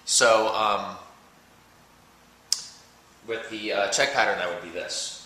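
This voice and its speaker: A man's voice: on the low side, slow pace, very noisy. Man teaching drums in a roomy space. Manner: patient, explaining step by step with fillers. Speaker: drum teacher. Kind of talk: instructional talk with count-offs. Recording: roomy with loud drum playing between talk.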